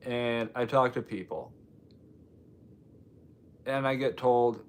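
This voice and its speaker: A man's voice: medium pitch, takes it slowly, pauses often, clean tone. A man from Washington State hosting a casual live stream, rambling and joking while answering viewer comments. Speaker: livestream host.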